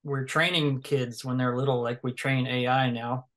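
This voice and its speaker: A man's voice: medium pitch, flat delivery, normal speed, fairly bright tone. A man talks in an easygoing conversation. He thinks aloud as he goes, full of fillers, restarts and loose asides. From American South. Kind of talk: casual conversation.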